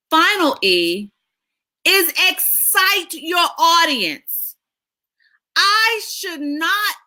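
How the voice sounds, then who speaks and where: Bright, high-energy woman media coach. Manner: excitable, emphatic, lively delivery with laughs. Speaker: media coach hosting a weekly tips video.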